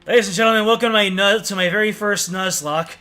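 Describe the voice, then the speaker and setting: A man's voice: high-pitched, fairly even intonation, fast talker, sharp tone, soft background music. A man streaming a game, chatting casually and joking while sometimes reading the game's text aloud in a put-on newscaster voice. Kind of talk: casual let's-play commentary.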